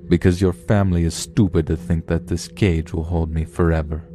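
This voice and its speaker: A man's voice: deep voice, level tone, moderate pace, warm tone, natural voice. A man voicing a cruel, taunting male demon with a smug, mocking manner, music playing behind. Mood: threatening. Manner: mocking, menacing, gleeful.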